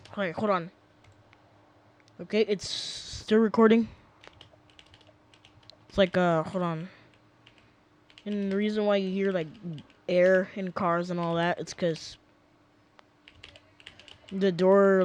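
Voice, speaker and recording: A man's voice: sits high, measured pace, long pauses. A young man casually rambling through gameplay commentary at home, often sidetracked and full of fillers. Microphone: desk mic.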